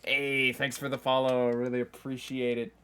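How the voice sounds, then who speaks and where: A man's voice: mid-range voice, level tone, normal speed, a bit bright, clear, resonant tone. A man streaming a game live, talking casually and joking at himself with frequent laughs, keyboard typing behind him. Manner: chatty, self-mocking, laughs often.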